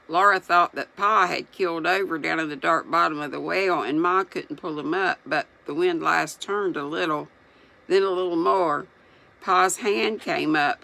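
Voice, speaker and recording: A reader reading a children's novel aloud, unhurried, pausing to muse aloud between passages. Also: mid-range voice, gravelly, bright, forceful tone, low-quality recording.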